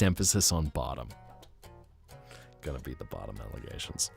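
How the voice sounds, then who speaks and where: A man's voice: fairly low pitch, big pitch swings, moderate pace, creaky. A man streaming live, chatting casually and playfully teasing his viewers as he reacts to chat. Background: faint guitar music.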